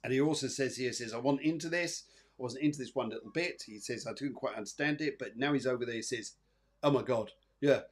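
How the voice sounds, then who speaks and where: A man hosts a live psychic show, reading cards and colours for viewers. He rambles in a chatty, reassuring way, peppered with fillers and restarts, at a mid pitch. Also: fast. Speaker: psychic medium host.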